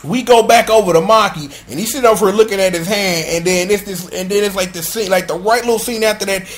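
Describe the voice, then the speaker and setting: A man's voice: sits high, fast, a little hiss or hum. A man casually recapping a show episode, rambling in slang and acting out the scenes. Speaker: episode commentator.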